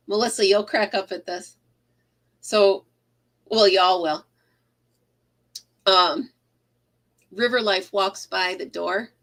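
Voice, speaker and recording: A woman's voice: mid-range voice, fairly bright tone. A woman chatting casually on a home crochet livestream, rambling, laughing often and greeting viewers by name. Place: craft room at home.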